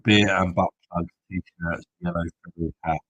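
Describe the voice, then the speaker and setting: Male host, deep husky voice, loose crude banter with viewers. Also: steady tone, a little slow, a bit bright, no echo, muffled recording. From Kent, England. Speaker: host of a beer review live stream. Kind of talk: casual live-stream chat.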